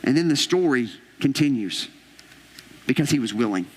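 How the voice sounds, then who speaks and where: A man preaching a sermon, telling a Bible story in a lively way and acting out what the characters say. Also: medium pitch, moderate pace, big-room sound. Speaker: pastor. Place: church auditorium.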